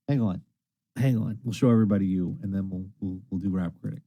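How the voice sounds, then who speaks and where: A man's voice: lowish voice, quick pace, dry recording. A tired man hosting a late-night internet radio stream, chatting loosely and swearing as he rambles between songs. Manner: lively, rambling, swears casually.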